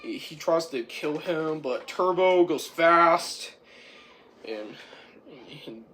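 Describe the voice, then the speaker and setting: A man giving a rambling, casual movie review, halting and restarting with lots of fillers and repeated words. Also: fairly high pitch, animated, sharp tone, a little hiss or hum.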